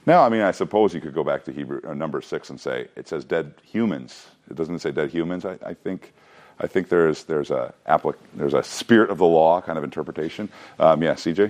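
A man's voice: rumbling low, a little fast, a little mellow. A man teaching a Bible class, mixing reading with joking asides and questions to the students.

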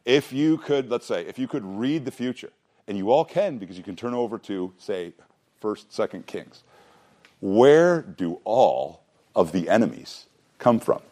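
Low-voiced man teaching a Bible class. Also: lively intonation, a little slow, mellow. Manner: conversational, asks the class questions, emphatic repetition. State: out of breath.

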